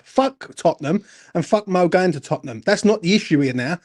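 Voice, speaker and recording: Angry fan-channel host, high voice, swears nonstop, ranting. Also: male voice, expressive, normal speed, a little mellow. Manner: angry, sweary, repeats "do you know what I'm saying". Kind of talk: heated football fan rant.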